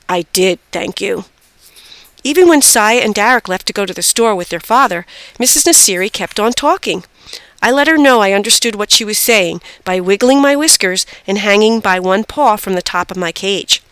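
A woman reading a children's storybook aloud in an expressive voice. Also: normal speed, clear, resonant tone, dry recording. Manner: expressive, lively pitch. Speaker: storybook reader.

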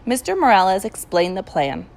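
Female audiobook narrator, kids' fiction, animated delivery, some vocal fry. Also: medium pitch, moderate pace, low-quality recording. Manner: expressive storytelling.

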